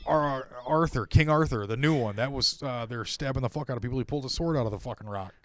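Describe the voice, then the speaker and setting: A man's voice: mid-range voice, quick pace, dry recording. A man co-hosting a podcast in casual chat, cursing freely and laughing often, recorded close and dry. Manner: swears a lot, laughs often. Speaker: podcast co-host.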